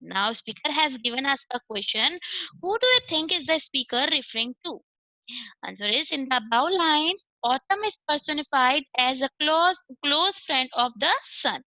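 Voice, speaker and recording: A woman's voice: high voice, animated, moderate pace, pushed and bright, dry recording, poor audio. A woman teacher with an Indian accent giving an online class, explaining step by step and mixing English with Hindi. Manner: explains step by step, switching between English and Hindi, checks with "okay".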